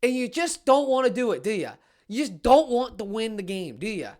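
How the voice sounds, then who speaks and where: Young dude ranting on his sports podcast, exasperated, keeps blowing up loud. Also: high voice, big pitch swings, brisk. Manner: exasperated rant with sudden loud outbursts. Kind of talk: ranting fan commentary.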